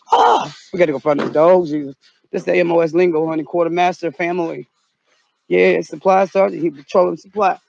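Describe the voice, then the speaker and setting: A woman, hamming up a comic vlog outdoors, playing scared and shouting out calls. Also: fairly low pitch, fairly even intonation, brisk, creaky, dull audio. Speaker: vlogger. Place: outdoors in the cold.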